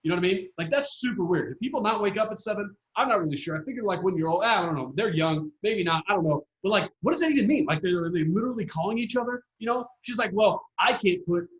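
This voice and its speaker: A high-pitched man co-hosting a podcast, ranting excitably and swearing a lot. His pitch swings widely as he gets fired up. The room around him sounds echoey. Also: quick pace, few pauses, muffled recording. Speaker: podcast co-host. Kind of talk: casual podcast chat.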